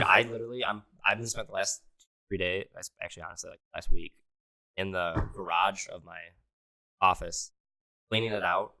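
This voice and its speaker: A man's voice: low voice, bright, forceful tone, low-quality recording. A young man co-hosting a podcast, telling rambling, profane stories in casual chat. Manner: rambling, profane, quick storytelling. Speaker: podcast co-host.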